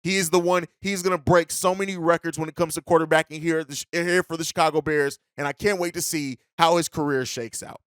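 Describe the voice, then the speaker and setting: A man hosting a sports podcast, talking casually and emphatically, getting loud and excited. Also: a little high, a little fast, hardly any pauses, clean tone, no echo, studio quality. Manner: excitable, emphatic, swears for effect. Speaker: podcast host.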